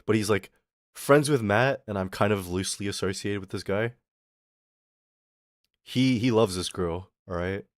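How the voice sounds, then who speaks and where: A man's voice: on the low side, dry recording, studio quality. A young man rambling casually on a livestream, swearing and laughing often as he chats. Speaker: streamer.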